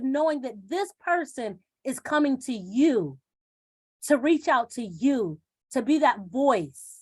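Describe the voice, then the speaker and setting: Woman confidence coach, high voice, coaxing, repetitive, live video call. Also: expressive, slow pace, a little mellow, husky. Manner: coaxing, repeats phrases for emphasis. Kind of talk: live guided exercise.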